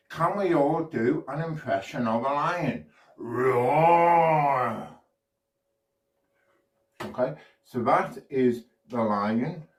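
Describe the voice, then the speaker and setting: A man from the UK doing a children's magic show, with chirpy, sing-song patter that invites kids at home to join in. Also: medium pitch. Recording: echoey room, far from mic.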